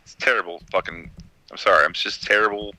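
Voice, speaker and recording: A man's voice: deep voice, steady tone, brisk, noisy background. A middle-aged American man hosting a call-in show, arguing bluntly and heatedly, swearing often. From United States. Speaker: podcast host.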